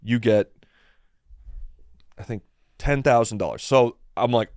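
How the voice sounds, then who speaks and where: A man's voice: medium pitch, unhurried, pauses often, darkish tone, clean tone, dry recording, studio quality. Rambling, self-deprecating young man. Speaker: podcast guest. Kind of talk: casual storytelling.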